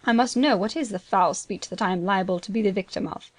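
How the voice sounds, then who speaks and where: An anxious, proud older banker, read by a woman, talking in a hurried, pleading way. His voice sits at a middle pitch in a storybook reading. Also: natural voice. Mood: tense.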